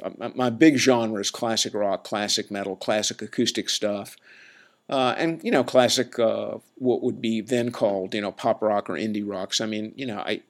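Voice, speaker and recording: A man hosting a podcast, telling stories in a chatty, laid-back way with lots of fillers and restarts. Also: lowish voice. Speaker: podcast host. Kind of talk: casual rambling storytelling.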